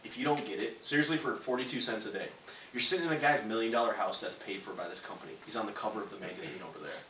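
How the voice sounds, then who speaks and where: A young network marketing presenter with a fairly low voice talks very fast, giving a brash motivational sales pitch to a live audience and peppering them with punchy rhetorical questions. He is in a large room of a house, and the recording sounds roomy and distant with faint hiss.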